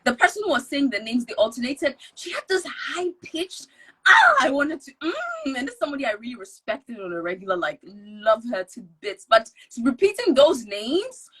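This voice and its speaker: A woman's voice: fairly high pitch, a little fast, few pauses, breathy edge, poor audio. A woman from Ghana co-hosting a podcast, chatting casually, laughing and teasing as she tells stories. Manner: laughing, teasing, animated storytelling. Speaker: podcast co-host. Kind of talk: casual chat.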